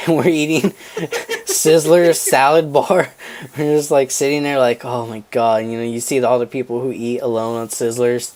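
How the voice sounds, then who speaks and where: Young guy podcast co-host, animated storyteller, mid-pitch, swears, laughs and does voices. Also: normal speed, slight background noise. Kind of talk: casual storytelling chat.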